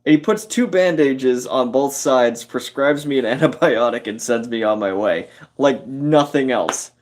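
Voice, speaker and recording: Host: a man spinning a yarn while he works, slow and unhurried, lots of fillers and self-corrections. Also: mid-range voice. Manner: rambling, halting, many fillers and self-corrections; chuckles through the telling. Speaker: carpentry livestream host. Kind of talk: casual storytelling while working.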